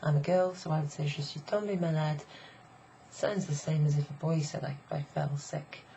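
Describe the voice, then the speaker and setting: A middle-aged woman with a low, gravelly, mellow voice gives a casual online French lesson. She is chatty and explains step by step, repeating phrases slowly. The sound is slightly dull and lo-fi, with a faint hiss behind her. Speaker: French teacher.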